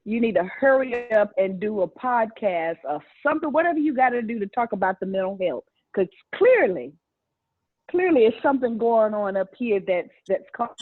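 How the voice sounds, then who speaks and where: A woman's voice: a little high, lively intonation, moderate pace. A woman teasing a friend in a casual group podcast chat. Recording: tinny phone-like line.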